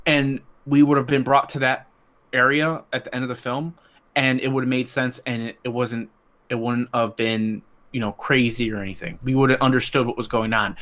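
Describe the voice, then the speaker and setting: A man chatting casually as a podcast guest, voice in a middle register. He rambles and restarts often, hunting for words, and gets loud and excited when something thrills him. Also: medium pitch, moderate pace. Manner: animated, rambling, many restarts and fillers. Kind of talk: casual chat.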